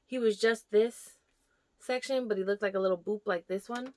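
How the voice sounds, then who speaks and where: A woman's voice: mid-range voice, steady tone, moderate pace, darkish tone, a little hiss or hum. A young woman giving a casual tour of her houseplants, chatting fondly to them and sometimes dropping to a near whisper. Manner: drops to a near whisper at times. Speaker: plant vlogger. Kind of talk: casual plant tour vlog.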